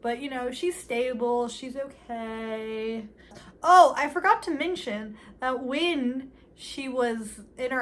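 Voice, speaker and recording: A woman's voice: on the high side, a little hiss or hum. A young woman casually recapping a movie with sarcastic, giggly commentary, playfully mimicking the characters' lines.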